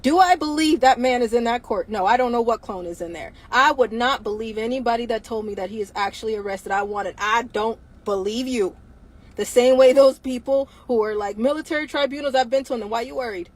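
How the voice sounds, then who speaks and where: A woman with a somewhat high voice delivers an impassioned livestream monologue. She hammers her points with repeated rhetorical questions and speaks bluntly, with casual profanity. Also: fairly quick, low-quality recording. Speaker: livestream host.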